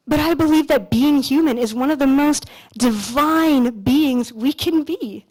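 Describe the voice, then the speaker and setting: Canadian-raised woman on a stage, slightly high voice, chatty storytelling w lots of "like", a swear here and there. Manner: casual, animated storytelling with frequent "like" and mild swearing. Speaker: speaker on stage. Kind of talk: motivational stage talk with storytelling. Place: stage at a large expo hall.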